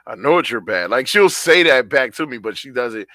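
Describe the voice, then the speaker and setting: A man's voice: mid-range voice, sing-song, a little fast, pushed and bright, no room sound. A man co-hosting a podcast, talking in a laid-back, slangy, conversational way. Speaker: podcast co-host.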